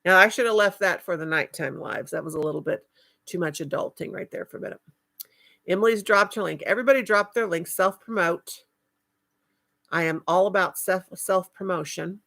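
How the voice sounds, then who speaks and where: Older lady rambling on her live, sweet and chatty, gravelly voice that cackles when she laughs. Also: fairly low pitch, a little fast, fairly bright tone. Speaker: live stream host. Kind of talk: casual live chat with viewers.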